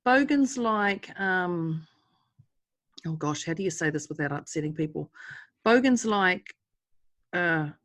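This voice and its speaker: A woman's voice: on the low side, animated, slow, long pauses, a bit bright, no room sound. A woman with a New Zealand accent co-hosting a podcast, chatting casually and laughing often. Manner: laughs often, bursts into silly greetings. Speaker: podcast co-host. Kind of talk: casual chat.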